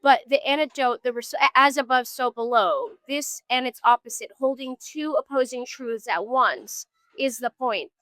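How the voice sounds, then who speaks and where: Interviewed out on a street, this musician answers with earnest thought, frequently letting sentences trail off before restarting them. She has a high-pitched, slightly bright voice and talks at a moderate pace with few pauses, recorded dry.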